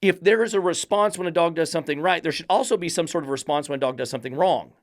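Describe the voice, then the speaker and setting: A man's voice: fast talker, no room sound, studio quality. A man hosting a dog-training podcast, blunt, combative and profane in his commentary. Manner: blunt, combative and profane, mocking falsetto baby talk.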